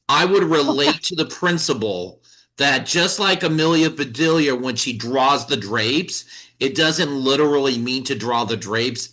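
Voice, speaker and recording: A man's voice: medium pitch, bright, forceful tone, rough recording. A man who teaches English giving a confident impromptu speech at a club meeting.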